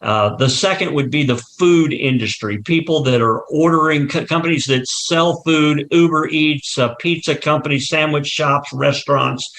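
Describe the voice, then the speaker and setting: A man's voice: fairly high pitch, moderate pace, vocal fry, hardly any pauses, a bit bright. A man being interviewed as a company marketing executive, explaining his business through long walk-through examples and often restarting his sentences.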